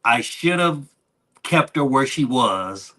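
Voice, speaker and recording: A man's voice: medium pitch, expressive, takes it slowly, sharp tone. A man co-hosting a live stream, talking candidly in a rambling, conversational way. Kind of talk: casual live stream chat.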